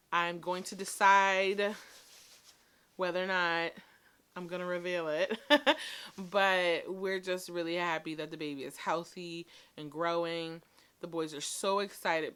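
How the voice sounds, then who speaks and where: A woman's voice: lowish voice, fairly bright tone, smooth. A woman in her thirties chatting casually to camera as a beauty vlogger, emotional and full of ums and likes.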